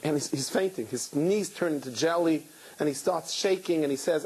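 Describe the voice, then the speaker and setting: A man giving an animated storytelling talk to a live audience as a guest speaker, with dramatic pauses. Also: fairly high pitch, breathy edge, rough recording. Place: event hall with an audience.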